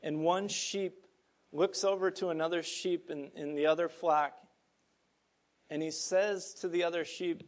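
Middle-aged male pastor, earnest and gently emphatic, voice sitting a touch high. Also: fairly even intonation, a little slow. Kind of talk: sermon.

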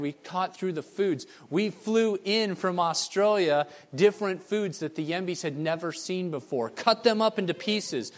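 A man preaching a sermon as a missionary, telling stories in an animated, emphatic way. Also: fairly high pitch. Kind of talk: storytelling sermon.

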